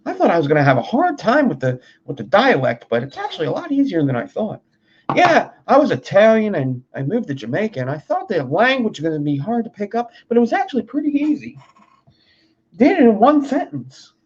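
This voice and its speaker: A woman's voice: mid-range voice, big pitch swings, fast talker, husky, dull audio. A woman on a live stream, muttering to herself and swearing casually while she works with wire. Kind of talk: live-stream crafting chat.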